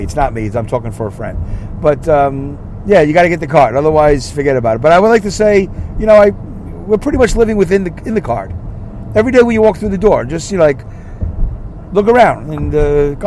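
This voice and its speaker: A man's voice: on the high side, lively intonation, quick pace, darkish tone, a little hiss or hum. A middle-aged man hosting a solo podcast, rambling through a monologue with wry, sarcastic asides. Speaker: podcast host.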